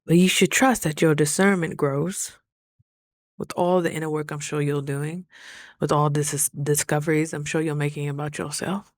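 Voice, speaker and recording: A woman's voice: low voice, fairly even intonation, normal speed, dry recording. A woman talking through a casual diary vlog, earnest and reflective, sometimes close to tears. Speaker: vlogger.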